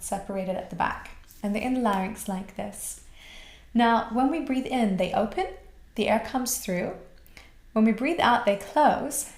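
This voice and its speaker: A woman from Australia teaching a voice class, guiding the breath with calm, slow cues. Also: a little high. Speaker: voice and mantra teacher. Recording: roomy echo.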